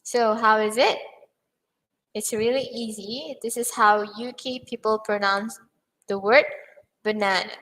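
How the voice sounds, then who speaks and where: A woman's voice: fairly high pitch, pushed and bright, poor audio. A young woman teaching English pronunciation in an online lesson, patiently repeating words for learners.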